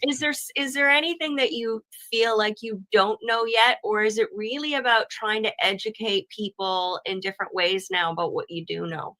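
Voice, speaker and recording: A woman's voice: medium pitch, fairly even intonation, moderate pace, few pauses, bright, forceful tone, rough recording. A woman co-hosting a livestream on a video call, asking questions in a chatty, playful way. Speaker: livestream co-host. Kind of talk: casual chat.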